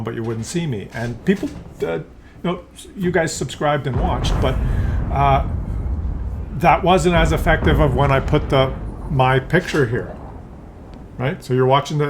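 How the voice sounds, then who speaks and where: A man talking as a YouTube commentator in a loose, rambling way, with many fillers and restarts. His pitch sits in an ordinary middle range. A steady noise runs clearly underneath the recording. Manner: drops into brief acted voices for examples. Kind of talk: casual video commentary.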